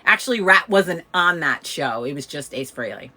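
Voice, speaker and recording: A woman's voice: low-pitched, normal speed. Chatty woman telling a story. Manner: chatty, laughs often, animated quoting of others. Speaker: host of a community coffee chat. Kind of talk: casual storytelling chat.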